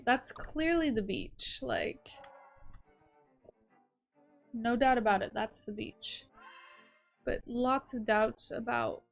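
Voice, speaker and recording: Playing through a video game, this let's play host speaks in a fairly high voice with a casual, playful tone. She breaks up her jokes by reading on-screen text aloud, while soft game music runs in the background.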